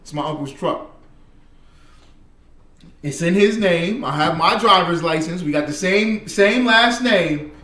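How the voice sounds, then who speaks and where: A man's voice: high voice, a little slow, sharp tone. A man hosting, giving emphatic, preachy commentary on news clips. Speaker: host. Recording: echoey room, distant mic.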